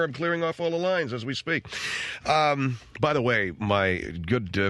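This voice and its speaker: A man's voice: on the low side, a bit bright, no room sound. A man hosting a radio show, ranting in a sarcastic, self-mocking comic monologue from a studio microphone. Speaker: radio talk show host.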